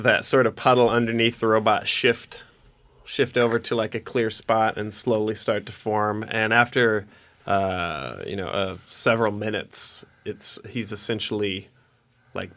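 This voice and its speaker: Rambling dungeon master. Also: male voice, lowish voice, fairly bright tone. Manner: rambling, many fillers and restarts. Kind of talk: narrating a tabletop game.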